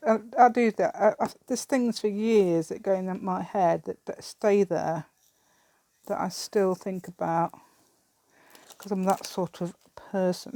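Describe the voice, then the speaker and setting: A woman's voice: on the low side, dark tone, no room sound. Chatty English woman, middle-aged. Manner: rambling, chatty, laughs often. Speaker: craft vlogger. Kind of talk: casual chat while crafting.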